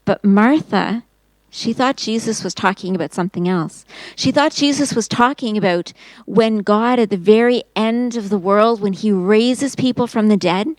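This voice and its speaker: Expressive woman telling a children's Bible story. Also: medium pitch, moderate pace, no room sound, rough recording. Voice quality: expressive storyteller, acting out quotes in raised voice. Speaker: Sunday school teacher.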